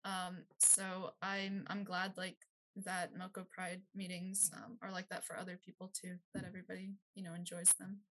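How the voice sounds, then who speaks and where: A woman's voice: on the low side, monotone, moderate pace, a bit bright, low-quality recording. A woman talking as a guest on a casual podcast, hesitant, with many fillers and light laughs. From Maryland, US. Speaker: guest, youth outreach director.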